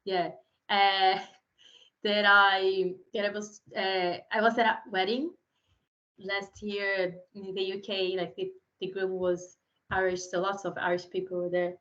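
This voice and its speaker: A woman, a filmmaker in an interview, telling animated stories and acting out the lines of the people in them. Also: mid-range voice, a little slow. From Brazil. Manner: animated storyteller, acts out quotes, laughs often. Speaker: filmmaker guest. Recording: slightly muffled recording.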